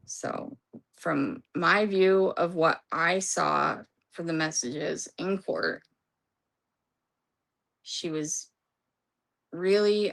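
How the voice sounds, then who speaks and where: A woman's voice: deep voice, gravelly, fairly bright tone. A woman recapping a court trial in a casual, rambling way, reading from her notes and losing her voice. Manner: rambling, restarts, reads from notes.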